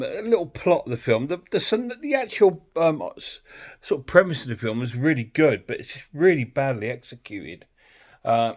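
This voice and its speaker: A man chatting bluntly and ramblingly as he reviews a film for his channel. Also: mid-range voice. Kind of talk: casual film review vlog.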